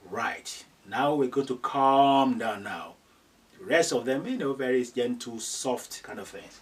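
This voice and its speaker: A man teaching letters slowly and patiently, repeating each sound many times. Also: mid-range voice, expressive. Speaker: Arabic teacher. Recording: somewhat distant from the mic.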